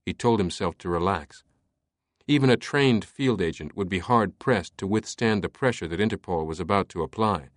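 A male audiobook narrator with a low voice, reading a thriller in a steady, measured way. The recording is dry and close, with no room sound. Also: no echo.

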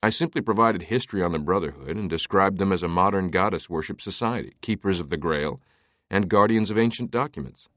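A man voicing a guarded male academic with a measured, explanatory manner. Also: deep voice, fairly bright tone, no echo, clean studio sound.

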